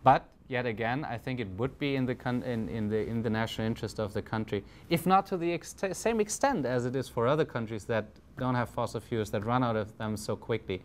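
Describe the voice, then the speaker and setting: A man's voice: mid-range voice, a little fast, hardly any pauses, slight background noise. A man with a German accent giving a conference talk, hesitant, with many fillers and restarts. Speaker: panel speaker.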